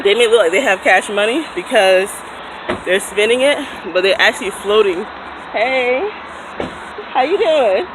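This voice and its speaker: Thirties woman, casual animated vlogger, phone at arm's length outdoors, loud ambient noise. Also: mid-range voice. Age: 30s. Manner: chatty, animated, laughs often. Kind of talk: casual vlog chat. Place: outdoors in a city, by a fountain, then in a car. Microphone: phone held at arm's length. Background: street ambience, fountain, traffic.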